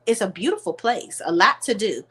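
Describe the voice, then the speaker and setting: A woman's voice: mid-range voice, normal speed, breathy edge. A woman hosting her online show, telling viewers a story in a chatty, slangy way. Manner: animated, slangy, addresses viewers as y'all.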